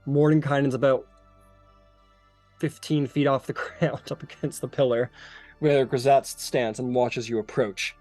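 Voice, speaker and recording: A man's voice: mid-range voice, steady tone, measured pace, a little mellow, no room sound, soft background music. A man narrating as game master of a tabletop game, rambling with many fillers.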